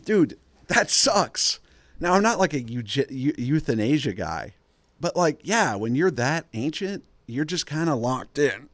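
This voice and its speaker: A man's voice: mid-range voice, sing-song, normal speed, no room sound. A man hosting a podcast, talking in a loose, rambling comic monologue. He wanders off on tangents and laughs at his own jokes. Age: adult father of kids. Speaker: podcast host.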